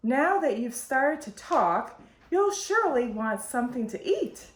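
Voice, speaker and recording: Doting mother toad, fluttery and lively, read by a woman, roomy echo. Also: sits high, measured pace, pitched above the performer's own voice. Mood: pleased. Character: fussy mother toad, doting and easily flustered.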